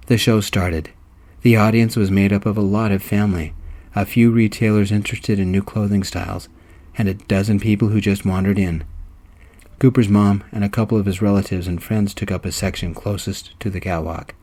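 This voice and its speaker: A man reading his own romance story aloud, steady and even. His voice is low and mellow, with a soft, dark warmth. The narration is scripted and calmly paced. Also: normal speed. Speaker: storyteller and reader.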